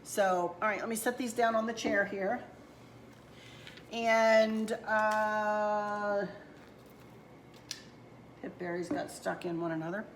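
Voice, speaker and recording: A woman's voice: medium pitch, fairly even intonation, slow pace, long pauses, a little hiss or hum. A middle-aged woman, chatting casually to viewers at home while she shows her fall decorating and crafts. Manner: chatty, homey, addresses viewers as y'all. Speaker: home decor channel host. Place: at home, indoors.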